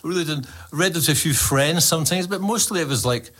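A man's voice: a little high, brisk, a bit bright. A man with a Glaswegian accent, a poet chatting in an interview and reading his verse, joking and using Scots dialect words. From Scotland. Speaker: poet and guest. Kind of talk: casual chat and poetry reading.

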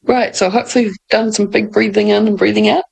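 Woman host, casual advice talk, mid-pitched and gravelly, chatty with frequent laughs. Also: fairly even intonation, fast, a little mellow, rough recording.

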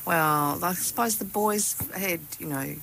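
A woman presenting her segment on a radio show, chatty and telling stories in a relaxed way. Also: on the low side, unhurried, vocal fry, slight background noise, rough recording. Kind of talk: casual radio chat.

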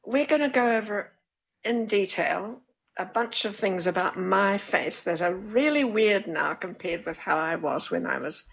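A woman's voice: mid-range voice, animated, measured pace, creaky, a bit bright, breathy edge, rough recording. An older woman hosting a casual chat, frank and wry, poking fun at herself. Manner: frank, wry and self-mocking.

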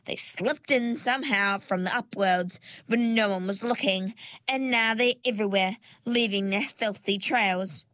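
A woman's voice: mid-range voice, measured pace, fairly bright tone, no room sound, close to an everyday voice. A woman voicing a vain grown mermaid lady who speaks in a falsely sweet, affected way with posh endearments. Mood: sugary. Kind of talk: storybook narration.

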